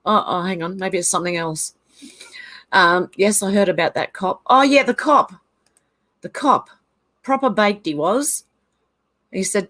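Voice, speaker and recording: A woman's voice: mid-range voice, measured pace, long pauses, a bit bright. A woman from Ireland raised in Australia, with an Australian accent, chatting casually and laughing often as she reads out viewer comments. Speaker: channel host reading viewer comments. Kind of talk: casual livestream chat.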